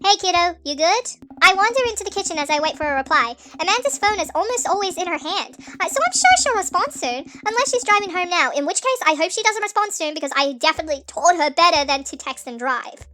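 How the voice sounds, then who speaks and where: A woman narrating a story game with jokey asides and tripping over words, with a sped-up, pitched-up nightcore effect. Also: animated, fast, hardly any pauses, bright, forceful tone. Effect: sped-up, pitched-up nightcore edit. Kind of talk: playthrough narration with commentary.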